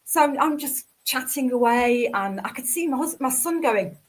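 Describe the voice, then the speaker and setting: A woman's voice: sits high, expressive, moderate pace. A woman in her fifties with a northern English accent, chatting as a radio guest and telling stories with easy laughter. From north of England. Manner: chatty storyteller who laughs easily. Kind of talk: casual radio chat.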